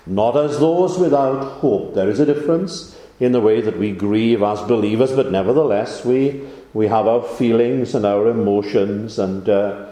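A man preaching a sermon, measured and unhurried, pausing often with "uh" and lifting his voice for emphasis. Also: on the low side, mellow, echoey room. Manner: measured delivery with frequent "uh" pauses, rising for emphasis.

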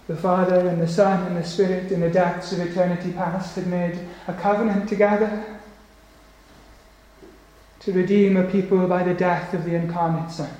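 A male preacher delivering a solemn, emphatic sermon, slowing down on key phrases. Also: high-pitched, little pitch movement, a little mellow. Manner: solemn, emphatic, slows for weight. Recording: very echoey church hall.

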